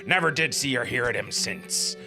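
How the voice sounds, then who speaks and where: A man voicing a gruff, rustic old retired whaler with a drawling sailor's way of talking. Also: medium pitch, lively intonation, normal speed, over music, lightly acted. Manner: rustic drawl, dropping grammar.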